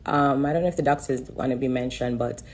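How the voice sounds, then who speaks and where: A low-pitched woman speaks on a live stream, her voice husky and slightly breathy. She talks in halting, emotional bursts, repeating phrases and pausing often as she gives a personal testimony. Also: darkish tone.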